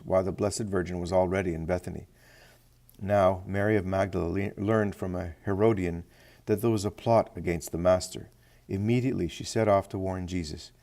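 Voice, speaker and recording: Low mellow guy reading religious text, steady, calls out page refs. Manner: steady, reads citations aloud. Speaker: reader. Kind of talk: devotional book reading.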